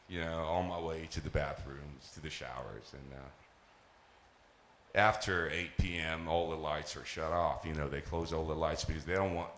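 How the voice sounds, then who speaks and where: A male stand-up comedian from Palestine, telling stories on a live stage in an animated, profane way. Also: very deep voice. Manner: animated, profane, laughing through his lines. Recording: echoey live venue.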